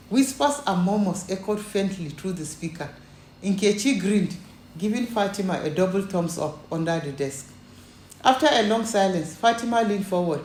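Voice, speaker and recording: Female storyteller, measured and steady; roomy echo. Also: mid-range voice. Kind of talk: scripted narration. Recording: echoey room, faint noise.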